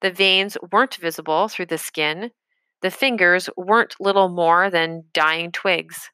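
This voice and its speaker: A woman reading an audiobook chapter in a measured storytelling manner. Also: lowish voice, bright, forceful tone, clean tone, no room sound. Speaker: audiobook narrator. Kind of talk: scripted narration.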